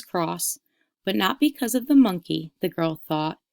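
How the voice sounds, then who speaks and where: A woman who teaches eighth grade reading, giving instructions and reading a story aloud clearly for her students. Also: lowish voice, animated, measured pace, darkish tone.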